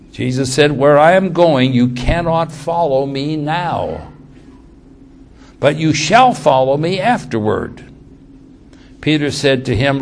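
A man preaching a sermon, reading scripture aloud and acting out the quotes with sudden swings in loudness and pace. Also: mid-range voice, moderate pace. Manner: dramatic quoting of scripture, shifting loudness and pace.

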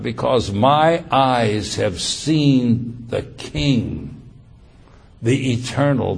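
A man preaching a sermon in an animated way, moving from quiet asides to loud, emphatic scripture quotes. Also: fairly high pitch, husky.

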